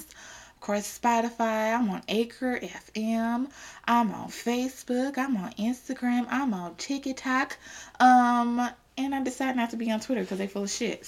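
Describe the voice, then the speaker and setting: A woman hosting her own podcast in a casual chat, animated and chatty, swearing freely. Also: on the high side, creaky. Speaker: podcast host.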